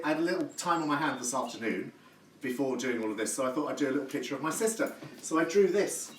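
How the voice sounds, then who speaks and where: A man's voice: mid-range voice, expressive, quick pace. Male cooking host, chatty and effusive, recorded from across a noisy kitchen. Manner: chatty and effusive, gushing praise words. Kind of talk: live cooking demonstration. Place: home kitchen. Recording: echoey room, distant mic, background noise.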